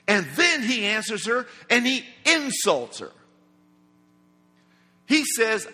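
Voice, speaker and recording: A male preacher delivers a sermon in a high, bright, slightly husky voice. He speaks slowly and dramatically, acting out each quote. The sound rings with a long hall reverb. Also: big pitch swings. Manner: emphatic, slow and dramatic, acts out quotes.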